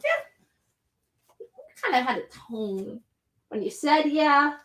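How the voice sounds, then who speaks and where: A woman hosting a live comic book sales show, running through items and prices in a brisk, chatty way from a comic shop. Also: on the high side, animated, slight background noise. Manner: brisk, chatty item rundown.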